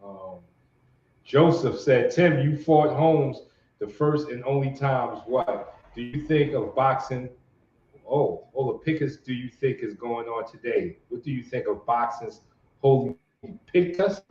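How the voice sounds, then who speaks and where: A man's voice: medium pitch, unhurried, a little mellow, slight background noise. A man hosting a boxing show, easygoing, reading out viewer comments. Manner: easygoing, drawled affirmations. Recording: roomy, dull lo-fi sound.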